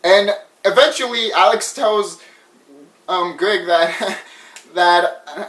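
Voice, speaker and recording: A man giving a casual, excitable film review, swearing often and laughing. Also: sits high, takes it slowly. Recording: echoey room, mic at a distance.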